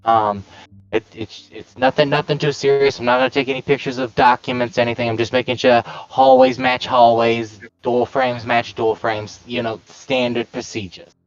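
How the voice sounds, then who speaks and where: A man's voice: medium pitch, level tone, moderate pace, dry recording, highs cut off, close to an everyday voice. A man voicing an agent posing as a city inspector, in a bad New York accent with a breezy, offhand manner. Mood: casual. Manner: breezy, offhand cover story.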